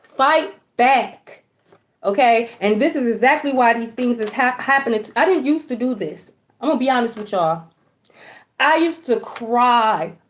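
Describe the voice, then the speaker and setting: A woman's voice: a little high, expressive, normal speed. A woman giving a casual livestream spiritual reading, chatty and colloquial, often checking in with "okay?" and cursing casually. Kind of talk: casual livestream talk to viewers. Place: at home, indoors.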